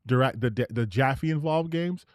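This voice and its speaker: A man's voice: mid-range voice, unhurried, no echo, studio quality. A man hosting a live stream, reacting to clips in rambling commentary full of restarts. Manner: animated and rambling, with many restarts. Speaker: streamer host.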